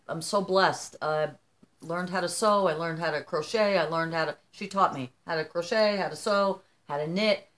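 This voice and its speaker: A talkative grandmother in her fifties with a somewhat low voice chats casually to camera from her home. She is animated and personal, often turning to her viewers with "you guys" and "okay?". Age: 50s. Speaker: vlogger.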